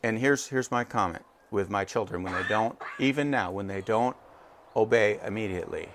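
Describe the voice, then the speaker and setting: A man in his forties preaching in an animated, conversational way who keeps checking in with his listeners. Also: on the low side, fast talker. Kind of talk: sermon.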